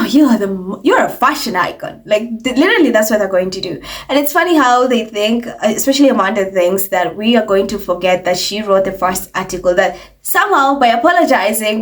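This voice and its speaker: A woman hosting an opinionated commentary vlog, talking in a sarcastic, mocking way and putting on voices to imitate people. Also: medium pitch. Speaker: commentary channel host.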